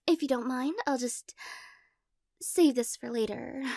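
A woman's voice: high voice, takes it slowly, warm tone, dry recording, studio quality, heavily acted. A woman playing a weird, giggly girl in whispered role-play. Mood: quirky.

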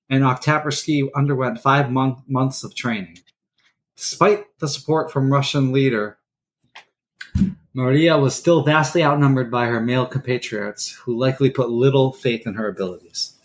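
A man co-hosting a casual podcast, reading a history story aloud and laughing at his own slip-ups. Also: mid-range voice. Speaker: podcast co-host.

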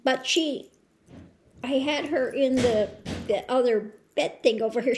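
Woman host, unhurried, slightly high voice, rambling and soft, coos to pets at home. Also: a little hiss or hum. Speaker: spiritual tarot channel host. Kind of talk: casual home update.

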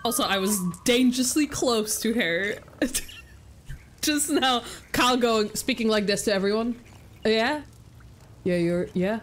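A woman's voice: fairly high pitch, moderate pace, a little hiss or hum. A young woman streaming a video game, chatting casually, giggling and breaking off her own sentences. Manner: chatty, giggly, self-interrupting. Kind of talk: casual gameplay commentary.

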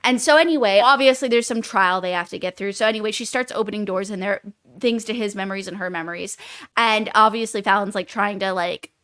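A woman co-hosting a book podcast, recapping the plot in a rambling, animated way with lots of fillers. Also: mid-range voice, fast. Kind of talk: casual book discussion.

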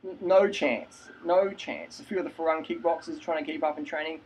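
A man's voice: a little high, steady tone, brisk, a little mellow, slightly rough, low-quality recording. A man telling a story in a casual vlog, acting out both sides of the conversation and laughing often. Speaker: fitness vlogger.

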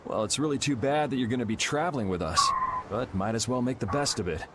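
A man's voice: medium pitch, quick pace, noisy background, lightly acted. An actor playing a sardonic young swordsman in a video game, dry and blunt.

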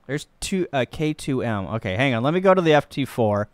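A man from Missouri, a ham radio operator, chatting casually and joking on a live stream while he works the radio and thinks out loud. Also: mid-range voice, big pitch swings, brisk, smooth, no room sound. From Missouri, USA.

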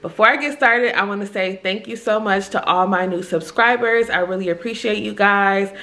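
A woman vlogger chatting casually to her viewers, upbeat and fast-talking, with slangy phrasing. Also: medium pitch, sharp tone. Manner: upbeat, chatty, uses slang like "giving vibes". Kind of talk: casual vlog chat to camera.

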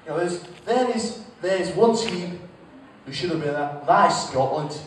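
Young stand-up comic in an echoey venue. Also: male voice, high voice, moderate pace, heavy background noise. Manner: crude, joking, stammering restarts. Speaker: stand-up comedian. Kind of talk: stand-up routine. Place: stage at a live venue. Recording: echoey live venue from far off, crowd.

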